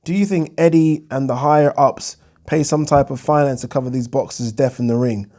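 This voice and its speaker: Chatty man with a dark voice. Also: medium pitch, a little fast. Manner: chatty, loose, self-interrupting, swears. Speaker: boxing YouTuber answering viewer questions. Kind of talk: casual Q&A vlog.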